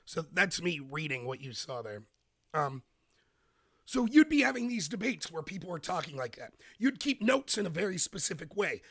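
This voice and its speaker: A man hosting a live-streamed political commentary show, talking emphatically with bursts of rapid speech and a slightly rough voice. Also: high-pitched, a bit bright, no echo, studio quality.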